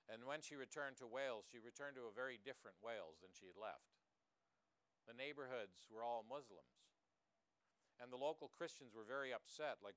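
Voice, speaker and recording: Male preacher, mid pitch, earnest sermon delivery with rhetorical questions, clear voice. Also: a little fast, fairly bright tone, no room sound.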